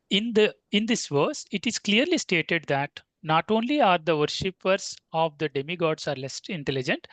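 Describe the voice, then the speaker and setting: A man reading a scripture commentary aloud in a class, steady with occasional stumbles. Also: high voice, no room sound.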